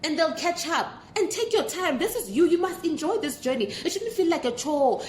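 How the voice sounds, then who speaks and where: A woman giving an unscripted, passionate motivational talk to camera as a manifestation vlogger and mentor, emphatic and close to yelling. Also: very animated, moderate pace, faint music behind. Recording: echoey room with faint rumble.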